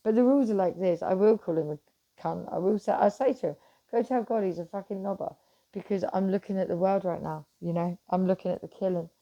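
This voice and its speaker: A middle-aged woman chatting casually to camera, animated and swearing freely, swinging from loud bursts to hushed asides. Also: medium pitch, fairly quick, gravelly, muffled recording. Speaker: vlogger.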